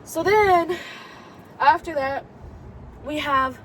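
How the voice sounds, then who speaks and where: A woman's voice: sits high, expressive, normal speed, fairly bright tone, slight background noise. A woman co-hosting a casual wrestling review, bantering playfully with her co-host. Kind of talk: casual chat.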